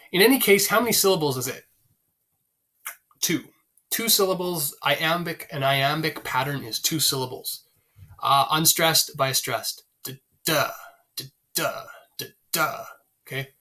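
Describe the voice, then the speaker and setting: A man's voice: mid-range voice, bright, forceful tone. A man teaching a literature lesson in a chatty way, with frequent fillers and questions to the class. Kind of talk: recorded literature lecture.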